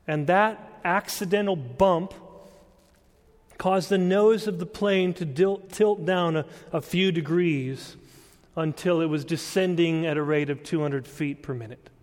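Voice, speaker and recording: Unhurried male preacher, earnest and deliberate, heard in an echoing church sanctuary. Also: fairly high pitch, darkish tone. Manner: deliberate storytelling, building to earnest emphasis. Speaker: pastor. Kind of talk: sermon. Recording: long church-hall reverb.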